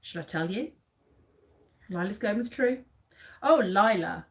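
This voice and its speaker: A woman in her forties from England runs a casual live quiz from a dim room at home. She reads out facts and chats with viewers by name, and her pitch rises and falls a lot as she talks. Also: expressive, measured pace. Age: 40s. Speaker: livestream host.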